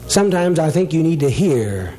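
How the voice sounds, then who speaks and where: A man acting as a spirit medium in a seance, commanding and solemn, with sudden higher pleas. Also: sing-song, normal speed, mellow, poor audio. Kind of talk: dramatic seance invocation.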